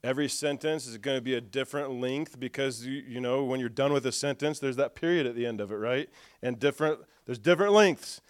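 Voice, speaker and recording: Male preacher, animated storyteller, smooth resonant tone, slightly high, dry close sound. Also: a little fast, no echo. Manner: lively storyteller who acts out dialogue with humor. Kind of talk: storytelling sermon.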